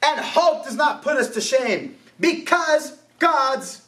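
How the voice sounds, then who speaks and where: A man preaching a sermon. He tells a story in a lively way, laughs along, and shouts his calls to action. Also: extremely high pitch, takes it slowly. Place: church hall. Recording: roomy, distant church mic.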